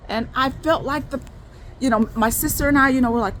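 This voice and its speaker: A woman's voice: fairly high pitch, fairly quick, fairly bright tone, a little hiss or hum. A woman telling a personal faith testimony straight to her viewers in casual talk, rambling, restarting and repeating words as she goes. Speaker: faith video creator.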